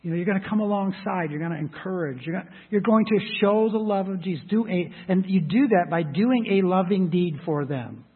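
A male pastor delivers a sermon in a conversational, emphatic way, slipping into quick acted asides. His voice sits high and a little husky. The sound is thin and phone-like, with a long reverb from a large hall.

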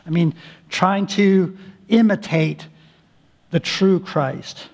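Male pastor, high voice, sermon, slow emphatic stresses, frequent restarts. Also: darkish tone.

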